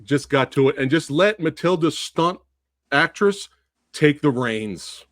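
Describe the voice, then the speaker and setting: Lively, ranting podcast host man. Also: a little high, measured pace, dry recording, studio quality. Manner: exasperated, ranting, lively storyteller. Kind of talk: animated casual chat.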